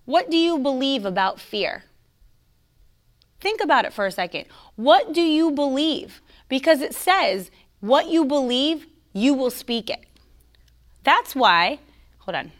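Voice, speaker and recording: Speaking a little slowly in a fairly high voice, a woman who teaches Christianity delivers a casual livestream lesson straight to her followers. Her style is conversational and emphatic, with occasional mockery, and she stops for sips of coffee between thoughts.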